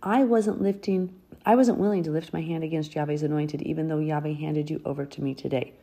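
A woman's voice: deep voice, steady tone, a little fast, creaky, warm tone, slightly rough. A woman reading a Bible passage aloud and stopping often to explain it in an earnest, chatty way. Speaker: Bible teacher.

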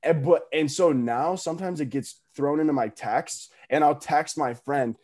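A man's voice: a little high, normal speed, a little mellow, faint music behind. A young man with a slightly raised voice talks casually, full of "like" and "you know" fillers. He swears loosely as he rambles through his anecdotes. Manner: rambling, filler-heavy, profane, laughing storytelling. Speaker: podcast co-host, social media creator. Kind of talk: casual chat.

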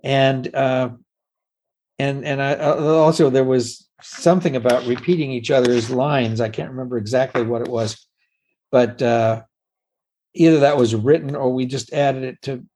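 A man's voice: medium pitch, steady tone, normal speed, a little mellow, low-quality recording. A man speaking as the guest of an interview, telling stories with chuckles and restarts. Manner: storytelling, chuckling, trailing restarts. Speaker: guest puppeteer. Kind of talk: casual interview chat.

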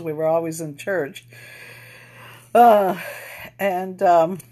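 A middle-aged woman telling a personal story in a casual, unhurried, reflective way, with many pauses and fillers. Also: fairly low pitch, darkish tone. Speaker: storyteller recounting UFO experiences.

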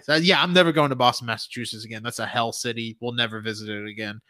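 A young man from Alabama with a Southern US accent, hosting a casual podcast chat, animated and swearing freely. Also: medium pitch, quick pace. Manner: animated, swearing, laughing often. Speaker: podcast host.

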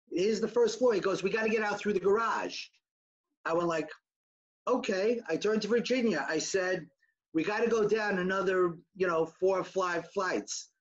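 A man with a rather high voice gives a personal testimony talk with slides, recounting events earnestly. He acts out the quoted dialogue by lifting his voice. The recording sounds somewhat dull and lo-fi. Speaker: survivor telling his story to an audience.

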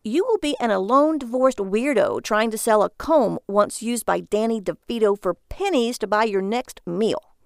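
A woman voicing an exasperated, sharp-tongued wife who scolds with sarcasm. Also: a little high, normal speed, gravelly, smooth, dry recording, studio quality. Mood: scolding.

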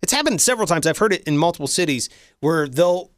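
An animated young man from the United States tells a story in loose, casual talk. His pitch swings widely and sits a bit high for a man, and the close, dry sound has almost no room around it. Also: fast, no room sound. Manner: animated, shouts out quoted lines in a loud put-on voice.

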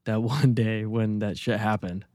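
A man's voice: on the low side, fairly even intonation, a little slow, darkish tone, no room sound, clean studio sound. A man co-hosting a casual podcast, telling rambling stories full of restarts and swearing. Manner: rambling, profane, storytelling with many restarts. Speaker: podcast co-host.

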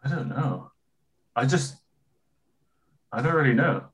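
A man's voice: mid-range voice, expressive, unhurried, fairly bright tone. A young English man with a West Country accent, chatting casually and often trailing off and restarting. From England. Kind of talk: casual chat.

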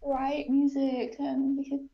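A woman with a high voice talks bluntly and swears when she is teased. Her sound comes through dull and lo-fi. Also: monotone, slow pace. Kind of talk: casual chat.

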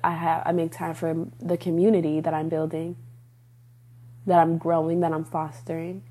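A woman's voice: lowish voice, darkish tone, slightly rough. A woman hosting a podcast, talking casually about faith in a rambling way, laughing often and correcting herself. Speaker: podcast host.

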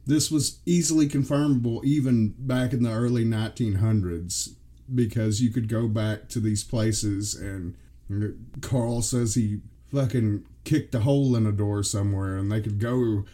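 A man's voice: fairly low pitch, a little slow, dark tone. A man co-hosting a casual podcast, exasperated and emphatic, swearing freely. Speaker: podcast co-host.

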